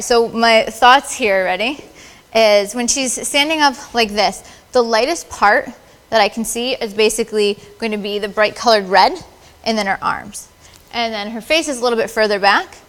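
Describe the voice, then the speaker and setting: A woman's voice: on the high side, long reverb tail. Upbeat woman directing a photo shoot. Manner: upbeat, playful directions to models. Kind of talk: live photo shoot coaching. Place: large studio with audience.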